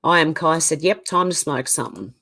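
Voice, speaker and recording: A woman with an Australian accent hosts a casual livestream, reading viewer comments aloud and reacting conversationally. Her low voice has a sharp tone and runs a little fast.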